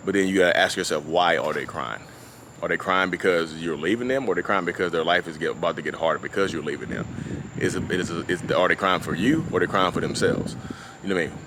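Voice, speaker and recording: A man with a low-pitched voice talks fast in an unscripted, casual vlog shot outdoors at a beach, with passing traffic in the ambience. He rambles repetitively through his feelings about his own narcissism, often asking "you know what I mean".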